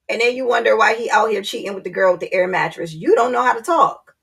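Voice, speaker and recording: Woman vlogging relationship tips, husky kinda raspy voice, blunt and chatty. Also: medium pitch, lively intonation, moderate pace. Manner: blunt, candid, speaks to viewers directly. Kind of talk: casual advice talk to camera.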